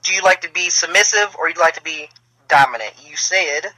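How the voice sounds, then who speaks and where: A man's voice: fairly high pitch, brisk, pushed and bright, no echo, rough recording. A man co-hosting a podcast, asking blunt questions in a joking way and tripping over his words. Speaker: podcast co-host. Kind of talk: casual interview chat.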